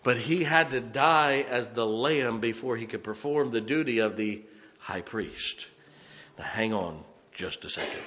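A man's voice: medium pitch, a little slow. Fervent preacher man in a reverberant hall. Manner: fervent, emphatic repetitions, big swings from quiet to loud. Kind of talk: sermon.

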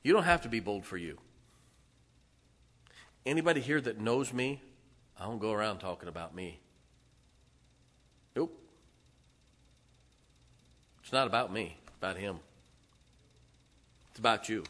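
A middle-aged male pastor delivering a sermon in a church, his voice bright and forceful. He talks to the congregation in a loose, conversational way, dropping asides and chuckling between points. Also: lowish voice, expressive, unhurried, long pauses. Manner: conversational preaching with laughs and asides.

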